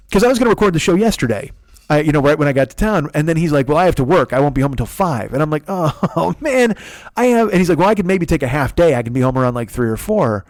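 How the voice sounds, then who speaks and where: Into a close podcast microphone, a man in his 40s spins a solo comedic tale that rambles, swears and pokes fun at himself. His voice is on the high side, with no room sound.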